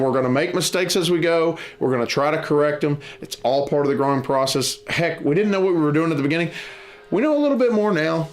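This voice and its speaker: A man hosting a board game channel, chatting to camera in a rambling, enthusiastic way, often restarting his sentences. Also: on the high side. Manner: loud and boisterous at times. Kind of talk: casual chat to camera.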